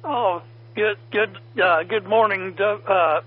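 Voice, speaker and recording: A man's voice: high voice, slow, husky. A man from south central Illinois checking into a radio net, rambling in a friendly way with many fillers. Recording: dull lo-fi radio audio.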